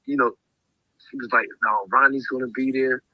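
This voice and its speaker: A man hosting a show tells a story casually and with animation, acting out the voices of the people in it. He speaks at medium pitch and normal speed, on a dry recording with lo-fi sound.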